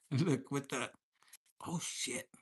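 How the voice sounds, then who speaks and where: A man's voice: mid-range voice, slightly rough. A man giving a casual tarot reading for viewers, talking in a crude, profane, joking way and mixing in Spanish slang. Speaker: tarot reader.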